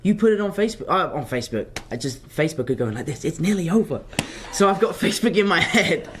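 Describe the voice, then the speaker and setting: Lively young Englishman chatting. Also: a little high, fast talker, slight background noise. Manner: animated, chatty storytelling, self-mocking asides. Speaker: actor. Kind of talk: live Q&A, answering fan questions.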